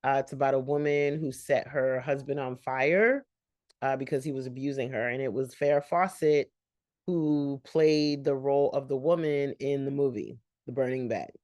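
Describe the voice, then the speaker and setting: A woman with a low, deep voice talks through a sitcom episode in a loose, chatty recap. She rambles and drops laughing asides as she goes. The sound is dry and close. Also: steady tone, normal speed, darkish tone, dry recording. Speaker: host of a reaction channel.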